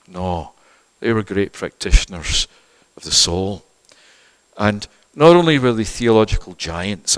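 A middle-aged male pastor giving a sermon, moving from quiet conversational asides to loud, fervent preaching. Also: medium pitch. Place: church. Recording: reverberant church hall.

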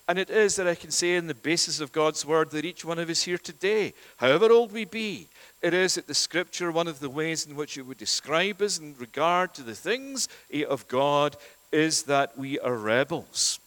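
A man's voice: fairly high pitch, expressive, moderate pace, a bit bright. A man preaching a sermon in a church, earnest and emphatic, with rhetorical questions and a habit of saying "it is that". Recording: long church reverb.

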